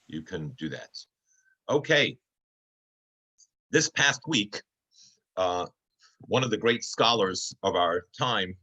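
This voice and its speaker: Bright-voiced man teaching an online class. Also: lowish voice, low-quality recording. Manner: conversational, many fillers and restarts. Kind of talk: online class storytelling lecture. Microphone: video call.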